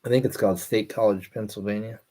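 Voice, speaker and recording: A man's voice: lowish voice, steady tone, fast talker, a little mellow. A man from California hosting a hobby livestream, talking loosely and rambling as he answers chat messages aloud.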